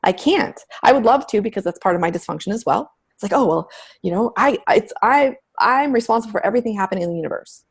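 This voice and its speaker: Middle-aged woman, low husky voice with some fry, candid storyteller. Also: a little mellow. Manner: candid, storytelling, emphatic with frank language. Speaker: guest. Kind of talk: conversational interview.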